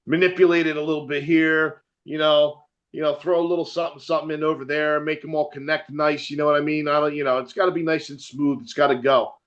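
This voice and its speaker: A man's voice: fairly high pitch, level tone, fast talker, few pauses, dull audio. A man with a New Jersey accent, a metal musician chatting as an interview guest, rambling, swearing freely and laughing often. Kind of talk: casual chat.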